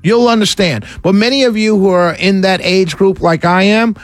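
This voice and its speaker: A man's voice: high voice, moderate pace, no echo. A man hosting a talk radio show, chatting with callers and rambling animatedly between topics.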